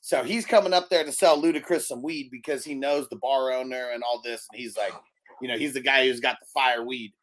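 A man co-hosting a podcast, retelling a movie in a casual, animated way, laughing often and swearing freely. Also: medium pitch, a little fast. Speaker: podcast host.

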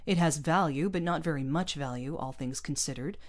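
A woman's voice: deep voice, a little fast. A woman voicing a stern, arrogant male space captain who speaks in a cold, condescending way in a storybook reading. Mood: lecturing.

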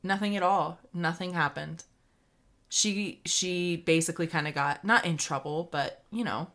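A woman's voice: on the low side, a little slow, fairly bright tone. A woman co-hosting a podcast, telling a story in casual chat with frequent laughter. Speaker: podcast co-host.

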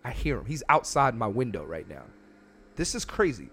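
Rich: A man rants on his own podcast from a room at home, his pitch swinging widely as he gets going. He talks bluntly and swears freely, addressing the listeners directly. He often repeats words and restarts his sentences. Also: very animated, moderate pace, fairly bright tone, slightly rough. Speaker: podcast host. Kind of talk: casual solo podcast rant. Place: home room near a window.

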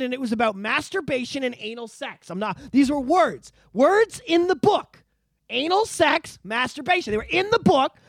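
A man's voice: extremely high pitch, a bit bright, dry recording. A man hosting a casual podcast, from Canada, ranting emphatically with constant profanity. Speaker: podcast host.

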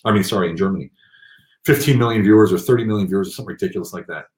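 A middle-aged man telling his story at home in a casual, animated way, often laughing and acting out other people's voices. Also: low-pitched, rapid-fire. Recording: echoey room.

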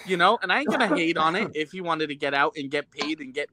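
A man's voice: a little high, expressive, fast, a crowd in the background. A man in his twenties chatting on a podcast in a playful, good-natured way. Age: 20s. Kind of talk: casual chat.

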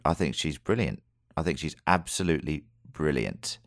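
Very deep-voiced man chatting. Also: animated, normal speed, no room sound, clean studio sound. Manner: rambling, many restarts and fillers. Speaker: podcast co-host reviewing a TV episode. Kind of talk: casual chat.

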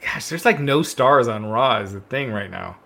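A man's voice: medium pitch, lively intonation, normal speed, vocal fry, bright, forceful tone. A man co-hosting a casual wrestling chat, rambling with many "uh"s and restarts while sipping wine. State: drinking wine, relaxed. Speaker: podcast co-host.

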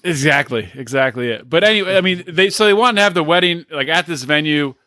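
A man's voice: fairly high pitch, lively intonation, a little fast, pushed and bright, no echo, studio quality. A man co-hosting a podcast, telling a story in casual chat. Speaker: podcast co-host.

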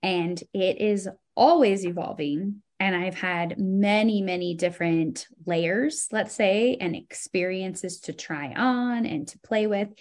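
A woman guest in a casual interview, talking reflectively and turning animated when she tells a story. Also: medium pitch, slow pace, hardly any pauses. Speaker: podcast guest.

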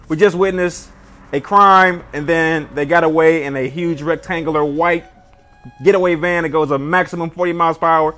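A man streaming a game, giving loud, joking commentary and talking back at the characters on screen. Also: on the high side, steady tone, moderate pace. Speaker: gaming streamer. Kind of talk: casual gameplay commentary.

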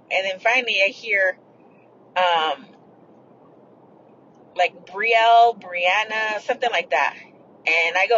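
A woman's voice: mid-range voice, normal speed, sharp tone, highs cut off, slight background noise. A woman hosting a podcast, telling a personal story in a blunt, profane, rambling way. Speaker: podcast host. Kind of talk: casual storytelling.

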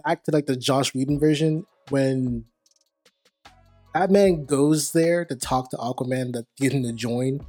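A man's voice: a little slow, a little mellow, faint music behind. A man chatting casually about a movie, retelling scenes and acting out quotes. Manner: storytelling, acts out quotes in a lowered voice. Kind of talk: casual chat.

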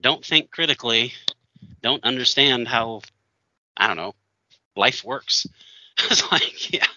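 A man co-hosting a casual chat, telling an anecdote with lively acted-out quotes and frequent laughter. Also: medium pitch, takes it slowly, no room sound, dull audio. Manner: animated, acts out quoted voices, laughs often. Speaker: podcast co-host.

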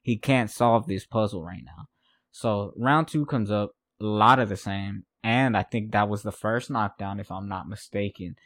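A man hosts a casual sports podcast and walks through a fight in a loose, rambling way. He repeats phrases and laughs at his own notes. His voice sits a little low, and it is recorded dry, with no room sound. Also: normal speed, a bit bright, no echo. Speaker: podcast host.

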